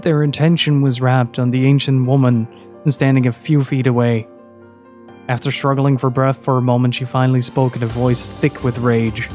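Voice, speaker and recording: A man reading a story aloud in a steady, measured narration. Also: medium pitch.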